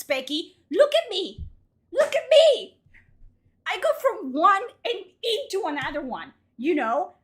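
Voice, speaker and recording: Animated high-voiced woman streamer. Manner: exasperated, swears a lot, switches into Spanish. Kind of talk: casual gaming livestream commentary.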